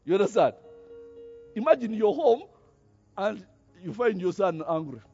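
A man preaching a sermon, animated, with many rhetorical questions and a habit of tagging "eh?". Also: sits high, unhurried, vocal fry, husky, dull audio, soft background music.

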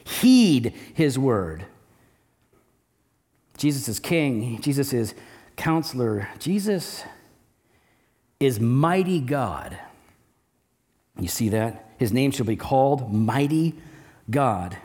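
A man preaching a sermon, emphatic and repetitive, often dropping his voice low and slow to stress a point. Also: lively intonation, a little mellow, husky. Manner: emphatic, repeats key phrases, drops low and slow for stress. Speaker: pastor.

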